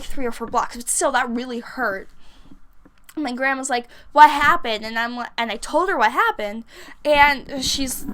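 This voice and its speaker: A woman's voice: sits high, slight background noise. A young woman telling a rambling personal story in a casual vlog, full of fillers and restarts. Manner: rambling, filler-heavy, animated. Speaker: vlogger. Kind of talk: casual storytime over a game build.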